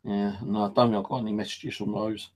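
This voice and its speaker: A man's voice: flat delivery, fast, darkish tone, low-quality recording. A man from the UK grumbling and swearing his way through a casual rambling monologue to viewers. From United Kingdom. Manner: grumbling, sweary, mimics phone bleeps in a high voice. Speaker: vlogger.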